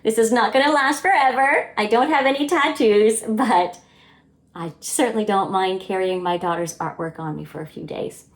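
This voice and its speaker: A woman's voice: medium pitch, normal speed. A woman chatting casually in a home vlog, earnest and openly emotional as she talks to her viewers from her kitchen. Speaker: homestead vlogger.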